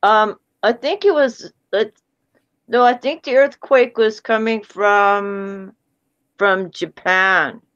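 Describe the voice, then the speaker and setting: A woman with a lowish, smooth voice speaks very slowly and hesitantly. Her audio sounds muffled and lo-fi. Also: a bit bright. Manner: hesitant, halting. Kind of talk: casual chat.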